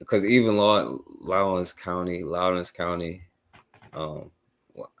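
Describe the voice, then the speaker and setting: A man's voice: deep voice, slow. A man hosting a casual radio talk show, rambling and full of fillers. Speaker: host.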